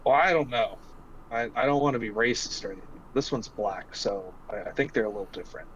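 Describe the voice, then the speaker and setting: A man's voice: medium pitch, fast, a bit bright, lo-fi sound, a little hiss or hum. Joking man playing a tabletop game. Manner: joking, rambling. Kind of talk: casual in-character game talk.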